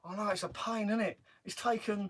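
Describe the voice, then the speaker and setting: Middle-aged guy, chatty and rambling, a touch high, chatting live from a parked van. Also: steady tone, quick pace, a bit bright. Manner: chatty, rambling, laughs often. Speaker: van-life vlogger. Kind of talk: casual live stream chat. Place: parked camper van on a driveway.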